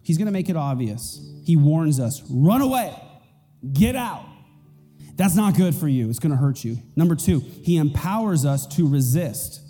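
Man, pastor, high voice, mellow dark tone, emphatic sermon, echoey church, soft music. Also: lively intonation, moderate pace, hardly any pauses. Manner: emphatic, repeats key points. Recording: reverberant hall with faint music.

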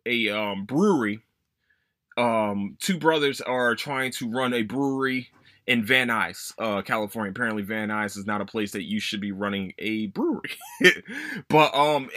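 Man, young adult, podcast host, rambling, profane, animated, bright tone. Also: medium pitch, no echo. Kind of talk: casual solo chat.

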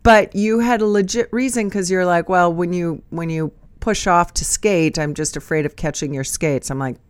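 A woman in her late fifties with a smooth, resonant voice that sits a little low for a woman. She chats casually on a podcast and laughs along, recorded dry and close. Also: moderate pace, no echo. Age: 50s. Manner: chatty, laughs and chimes in. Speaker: podcast co-host. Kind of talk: casual chat.

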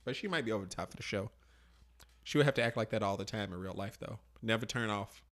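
A man's voice: lowish voice, fast talker. A man co-hosting a casual podcast, telling crude stories with lots of laughter and acted-out voices. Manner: animated storyteller, laughs often, acts out voices. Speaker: podcast co-host.

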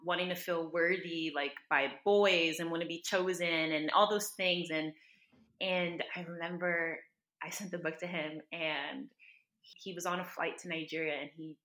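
Podcast guest: a low-pitched, bright-voiced woman who tells her story earnestly in a roomy echo. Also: fairly even intonation, moderate pace. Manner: earnest, heartfelt storytelling with many "like" fillers. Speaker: podcast guest, dietitian and author. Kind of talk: casual podcast conversation.

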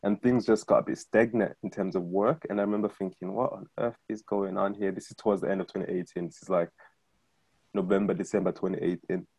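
Fast-talking husky man sharing his story. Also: deep voice, steady tone, darkish tone, no room sound. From Zimbabwe. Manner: fast, chatty, often asks "do you know what I mean?". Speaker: guest, freelance director. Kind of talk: personal testimony in conversation.

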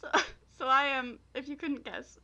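Podcast co-host, young woman from Ontario, chatty and giggly, with a clear, bright voice. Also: high voice, a little slow. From Southwestern Ontario, Canada. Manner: chatty, giggly, many fillers. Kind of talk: casual chat.

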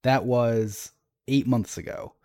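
A podcast co-host chats casually about game lore, rambling with fillers and restarts while reading entries aloud. His mid-range voice is mellow and slow-paced. The recording is dry and studio quality.

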